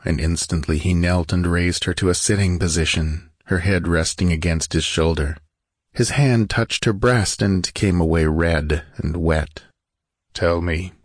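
A man reading an adventure story aloud as narrator in a measured, steady way. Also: low voice, breathy edge, dry recording, studio quality. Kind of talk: scripted audiobook narration.

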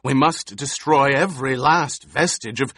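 Man doing a raspy, cornered old baron, slow, pleading. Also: mid-range voice, fairly bright tone, dry recording, studio quality, voice pushed up. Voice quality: rasping. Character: scheming, frightened male baron, old and brutish.

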